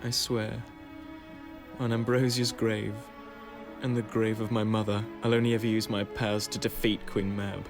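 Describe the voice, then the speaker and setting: Man voicing a young wizard taking an oath, low flat voice, earnest, music behind. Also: normal speed, lightly acted. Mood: solemn. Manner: earnest, intense.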